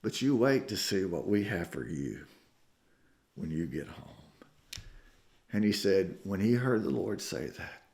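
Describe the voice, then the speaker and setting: A man preaching a sermon, telling a story with emotion and swinging from hushed tones to loud climaxes. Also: low voice, vocal fry. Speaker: pastor. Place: church sanctuary.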